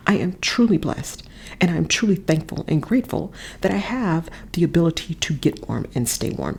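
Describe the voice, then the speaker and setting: A woman coach speaks in a husky, slightly low voice, earnest and emphatic. She repeats phrases for weight and sometimes sinks into a breathy near-whisper while reflecting. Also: darkish tone. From Texas. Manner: earnest, emphatic repetitions, drops to a whisper at times. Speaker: podcast host and coach. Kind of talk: reflective motivational monologue. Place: a friend's house, not her usual space. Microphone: different setup than usual.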